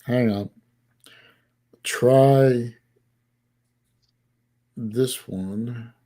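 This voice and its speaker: Male stream host, casual, halting and restarting, middle-pitched voice. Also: fairly even intonation, warm tone. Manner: halting, many restarts while fiddling with an app. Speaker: livestream host. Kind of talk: casual chat.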